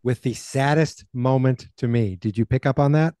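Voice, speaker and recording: Man, mellow voice, dry sound, agreeable podcast co-host. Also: mid-range voice, moderate pace, smooth, no room sound. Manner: agreeable, short reactions. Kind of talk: casual movie chat.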